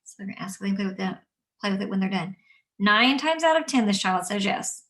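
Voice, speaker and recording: A woman who teaches young children, explaining calmly and gently and acting out what she says to kids. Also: mid-range voice, quick pace, far from the mic. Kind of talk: instructional talk. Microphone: camera mic at a distance.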